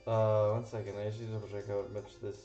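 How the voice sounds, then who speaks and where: A man hosts a live cooking stream, rambling casually with lots of fillers and an occasional swear word. His lowish voice is warm, level in tone, and quick-paced. The sound is roomy, dull, and lo-fi, with faint music playing.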